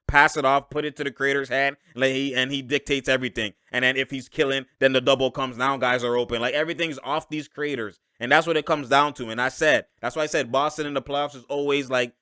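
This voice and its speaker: A man giving a casual, slangy breakdown of basketball game film, animated and laughing often as he mimics the players' reactions. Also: mid-range voice, smooth, no room sound, clean studio sound. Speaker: basketball analyst and channel host.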